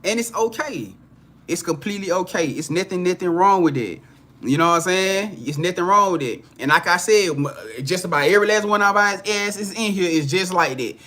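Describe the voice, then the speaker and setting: Casting: man, high bright voice, chatty live-stream card reader, loose and profane, keeps checking in with viewers. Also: animated, brisk. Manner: repetitive, profane, chatty, laughs often; talks straight to viewers. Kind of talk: casual live-stream reading.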